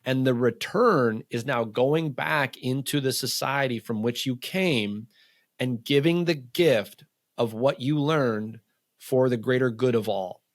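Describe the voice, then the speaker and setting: A man speaking as a coach in a casual interview, talking quickly and loosely with many fillers, acting out what others say. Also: mid-range voice, no room sound, studio quality. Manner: fast, loose talk full of fillers, acts out quotes. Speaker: men's coach and podcast guest.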